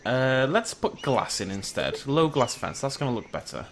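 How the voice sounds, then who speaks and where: An excitable man narrates his gameplay in a chatty running commentary and chats to the creatures on screen. His pitch swings wildly from low mutters to high squeals. A faint hiss sits under the recording. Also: moderate pace. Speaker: gaming YouTuber. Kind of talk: game commentary.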